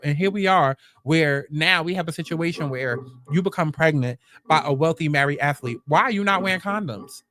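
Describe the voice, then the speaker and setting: Male commentary host, higher voice, exasperated and sarcastic, swears freely, repeats lines for emphasis. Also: fairly bright tone. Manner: blunt, profane, repeats phrases for emphasis; exasperated, sarcastic rhetorical questions. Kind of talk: storytime commentary rant.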